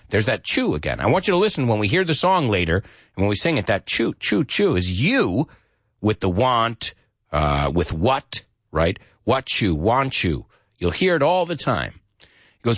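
A man's voice: mid-range voice, wildly swooping pitch, moderate pace, fairly bright tone, no echo, studio quality. A man teaching English to Spanish speakers, explaining song lyrics, singing short snippets and translating into Spanish.

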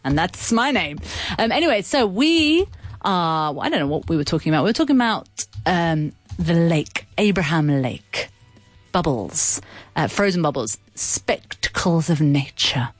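Woman radio host, chatty and teasing, animated pitch, dry close mic. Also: moderate pace, dry recording, soft background music. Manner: chatty, playful, laughs often, swoops up in pitch. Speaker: radio co-host and English teacher. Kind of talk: casual radio chat teaching English.

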